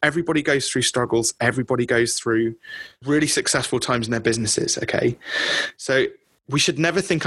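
A man's voice: medium pitch, brisk, fairly bright tone, slightly rough, no room sound. A middle-aged man coaching business owners on a group call, in a conversational way that keeps checking in with the listeners. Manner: conversational, often checks in with "okay?".

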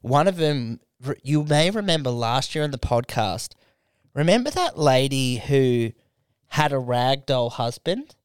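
A man's voice: very animated, unhurried, clean tone, dry recording, clean studio sound. Sweary young man telling stories. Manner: rambling storyteller, sweary, acts out quotes in high voices. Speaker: podcast co-host. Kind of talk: casual podcast chat.

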